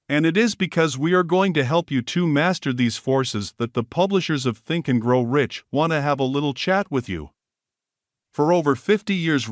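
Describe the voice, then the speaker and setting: A man narrating a self-help audiobook in a steady, measured reading voice. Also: fairly high pitch, dry recording, clean studio sound.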